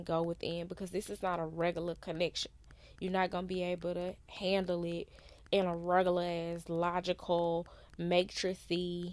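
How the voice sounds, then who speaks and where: A woman giving a casual, unhurried tarot reading in a conversational style, using loose slang. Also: fairly low pitch, a little mellow, no room sound. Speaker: tarot reader.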